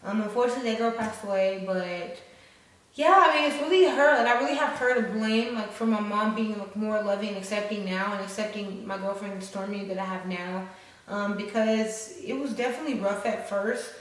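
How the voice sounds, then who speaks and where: A woman's voice: mid-range voice, brisk. A woman in her twenties tells a story to her viewers in a frank, profane and dramatic way, calling them y'all. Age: 20s. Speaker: vlogger. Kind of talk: casual storytelling. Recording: echoey room, distant mic.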